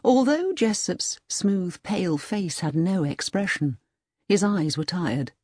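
A woman narrating an audiobook in a clear, expressive storytelling manner. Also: lowish voice, dry recording, clean studio sound. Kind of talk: audiobook reading.

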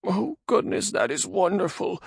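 Shrill, whiny, panicky fat prisoner. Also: male voice, measured pace, creaky, slightly rough, dry recording, clean studio sound, heavily acted. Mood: frightened. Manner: whiny and frightened.

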